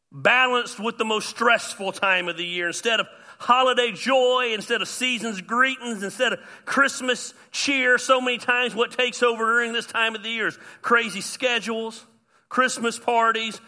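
A man, a pastor preaching an animated sermon with self-deprecating humor. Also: very high voice. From US South.

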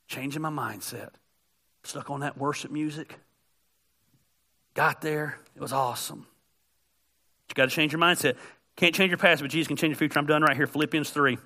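A middle-aged male pastor giving a conversational, joking sermon that builds to loud, emphatic peaks. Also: mid-range voice, fairly even intonation, brisk, pauses often.

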